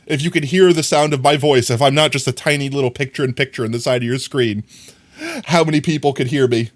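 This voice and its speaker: A young adult man livestreaming, chatting casually and teasingly with his viewers while he plays a game. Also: quick pace. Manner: playful and teasing, talks straight to chat; animated, rising pitch swings.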